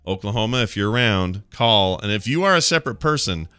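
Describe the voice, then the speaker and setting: A man hosting a podcast in casual chat, excitable and quick to laugh. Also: on the low side, smooth, dry recording, soft background music. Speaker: podcast host.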